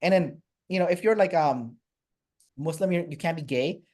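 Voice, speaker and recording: A man's voice: fairly high pitch, moderate pace, a little mellow. A man from Canada, a guest in a casual interview, telling a travel story with many fillers and restarts.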